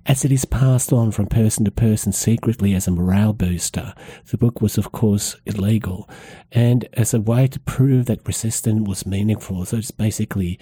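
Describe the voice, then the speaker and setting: A man hosting a history podcast, telling the story in a measured way with small hesitations. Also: lowish voice, warm tone, breathy edge, dry recording, clean studio sound.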